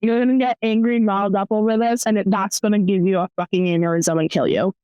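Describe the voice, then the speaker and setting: A woman's voice: mid-range voice, steady tone, quick pace, dark tone, clear, resonant tone, no room sound, highs cut off. A young woman co-hosting a casual chat, blunt, profane and joking. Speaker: podcast co-host.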